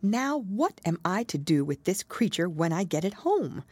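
A polite, curious storybook girl, as a woman reading aloud puts her on, earnest and a touch timid. Her lines rise well above the reader's low voice and bounce lively. The sound is close and dry. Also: normal speed, husky, no room sound.

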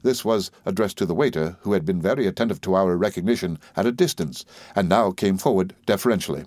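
A man narrating an audiobook in a measured storytelling manner. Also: low-pitched, darkish tone, no echo. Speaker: audiobook reader.

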